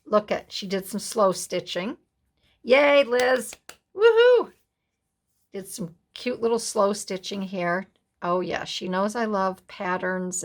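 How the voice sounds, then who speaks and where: A woman from the USA hosting a casual craft flip-through, softly gushing over each page. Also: on the low side. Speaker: craft vlogger.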